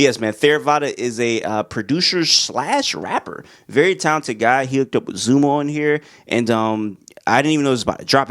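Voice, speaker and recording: Excitable young man reviewing albums. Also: medium pitch. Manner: loose and excitable, slangy, sings along to songs. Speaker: music reviewer. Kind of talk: casual album review talk.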